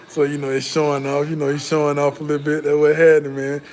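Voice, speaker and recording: A man's voice: a little high, completely flat delivery, fast talker, darkish tone. Laid-back man chatting on a livestream. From American South. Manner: loose, laid-back, profane, repeats and restarts. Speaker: livestream host reading viewer chat. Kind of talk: casual livestream chat.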